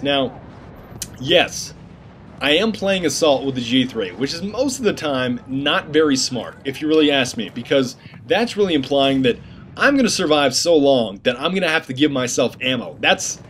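A man's voice: mid-range voice, a bit bright, a little hiss or hum. A man giving casual gameplay commentary, joking and rambling in slang with mock-serious asides.

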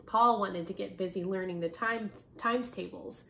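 A woman reading a picture book aloud to children in an expressive way, stopping to ask her listeners questions. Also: mid-range voice, normal speed, creaky, a little hiss or hum. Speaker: storybook reader.

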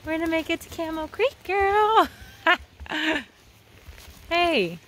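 Woman out on a trail ride by a creek, slow easy talk, sweet cooing to the horses. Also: extremely high pitch, lively intonation, a bit bright. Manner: cooing, playful talk to animals, frequent laughs. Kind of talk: casual vlog narration.

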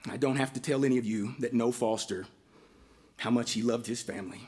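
A pastor delivers a heartfelt eulogy at a memorial, telling stories in a medium-pitched, fairly quick voice and breaking into lively voiced quotes.

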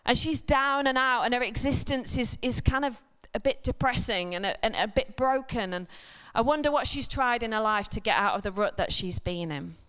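A woman's voice: on the high side, moderate pace, hardly any pauses, a bit bright, clear, resonant tone. A woman giving a chatty sermon in church, full of humorous asides and self-deprecating jokes. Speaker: church speaker. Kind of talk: conversational sermon. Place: church service before a congregation.

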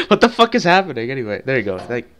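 A man's voice: mid-range voice, wildly swooping pitch, fairly quick, background noise. A man co-hosting a gaming video, laughing a lot and swearing as he mocks his own skills in casual banter over a headset. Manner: laughing often, profane, self-mocking. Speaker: gaming channel co-host.

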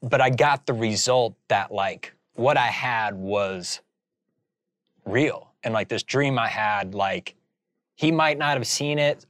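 A man from Indiana sits in for an interview and spins a story in a loose, animated way, his sentences full of "like". His voice sits at an ordinary middle pitch for a man. The sound is close and dry, with no room echo. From Indiana, USA. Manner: animated storyteller, heavy use of "like". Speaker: interview guest, filmmaker.

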